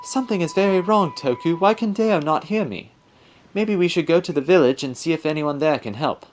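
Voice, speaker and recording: A man's voice: fairly high pitch, lively intonation, a little fast, slight background noise, pitched above the performer's own voice, natural voice. A man voicing an anxious spirit in a game, speaking in a worried, pleading way. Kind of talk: reading game dialogue aloud.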